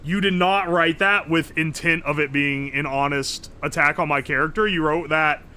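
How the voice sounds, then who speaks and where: A man's voice: a little high, fairly even intonation, normal speed, sharp tone, smooth. A man streaming live, reading his chat aloud and reacting in a joking, profane way. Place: home streaming setup.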